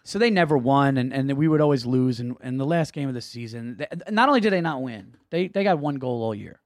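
A man's voice: mid-range voice, dry recording, studio quality. A middle-aged man, a comedian guest telling a family story in casual chat, swearing freely and acting out what people said. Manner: fast, profane, animated storytelling with acted-out quotes.

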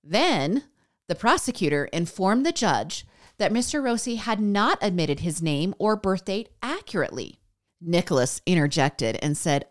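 A woman's voice: lowish voice, expressive, moderate pace. A woman hosting a podcast, reading a scripted news recap in a chatty way and speaking straight to her listeners. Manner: chatty, addresses listeners directly. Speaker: podcast host.

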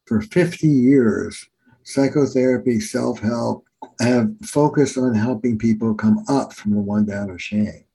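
Warm dark-voiced older man therapist. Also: medium pitch, a little slow, creaky, husky, rough recording. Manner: earnest, emphatic teacher repeating key phrases. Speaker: family therapist. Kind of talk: storytelling in a podcast interview.

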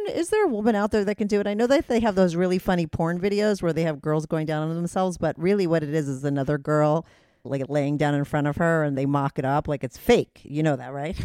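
Lady podcast host, low-ish voice, super frank and casual, dry close mic. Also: darkish tone, smooth, dry recording. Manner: frank, chatty, laughing asides. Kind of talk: casual chat.

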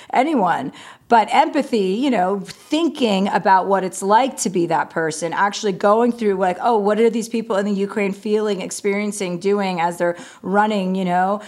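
Frank, self-mocking woman guest. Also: mid-range voice. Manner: candid, frank and self-mocking, many "like" and "you know" fillers. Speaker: guest, comedian. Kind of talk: candid interview talk.

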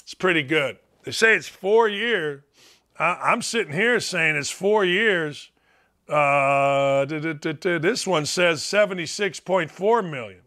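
A man's voice: sits high, lively intonation, measured pace, sharp tone. A middle-aged man hosting a sports talk show, delivering a blunt, emphatic, sarcastic monologue. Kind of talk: opinionated monologue.

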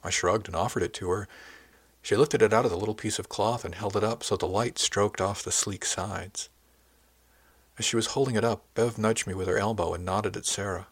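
A man narrating a first-person audiobook in a calm, even storytelling manner. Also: on the low side, brisk, slightly rough.

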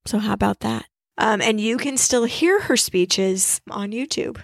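A woman co-hosting a casual history podcast, telling the story with expressive asides. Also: a little high, measured pace, creaky, no echo, studio quality. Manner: expressive storyteller, reads quotes aloud. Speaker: podcast co-host.

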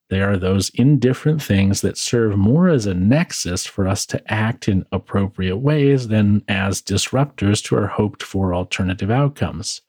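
A man's voice: on the low side, darkish tone, breathy edge, dry recording. A man hosting a podcast, reading his own reflective script with wry, dry asides, tired from working late. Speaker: podcast host. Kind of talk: scripted philosophical monologue.

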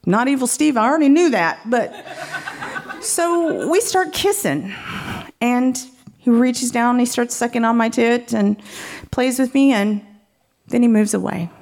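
A woman's voice: on the high side, animated, unhurried, gravelly, pauses often, a little mellow. A woman telling a frank personal story, candid and often laughing as she talks.

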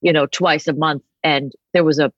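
Podcast guest, middle-aged woman, comedic storyteller, lowish pitch, dull close recording. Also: normal speed, dry recording. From Boston area. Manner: animated storytelling, acts out voices. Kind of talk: casual chat.

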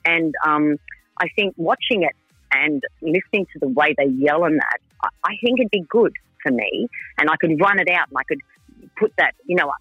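A woman's voice: low voice, lively intonation, normal speed, slightly rough, no echo, dull audio, faint music behind. A woman, chatting frankly and ramblingly as a reality TV contestant in a radio interview. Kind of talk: casual radio interview chat.

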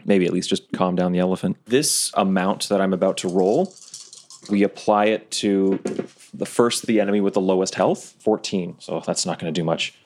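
A man's voice: low-pitched, moderate pace, darkish tone, a little hiss or hum. A man playing a tabletop game, talking in a laid-back way and laughing easily. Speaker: player. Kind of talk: casual tabletop play.

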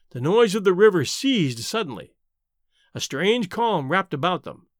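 A man reading an adventure story aloud as narrator, with an expressive, dramatic delivery on a close mic. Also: a little high, slow, pauses often, no room sound. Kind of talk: scripted audiobook narration.

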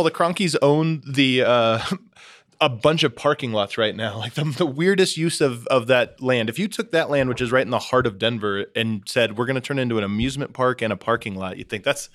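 A man's voice: medium pitch, expressive, normal speed. Enthusiastic, opinionated male guest. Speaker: talk show guest. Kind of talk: talk show discussion.

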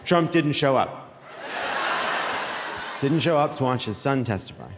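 A man hosting a comedy show, delivering a live monologue with mock-serious timing and sudden shouts. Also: medium pitch, animated, a little slow. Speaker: comedy podcast host. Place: theater stage before a live audience. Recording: live hall recording with reverb and faint noise.

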